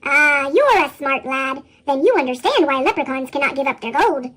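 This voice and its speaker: A woman voicing a grumpy old male leprechaun cobbler in a storybook reading, her voice sped into a squeaky chipmunk pitch. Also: expressive, moderate pace, fairly bright tone, a little hiss or hum. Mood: wistful. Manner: gruff, stubborn storybook voice. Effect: chipmunk pitch shift.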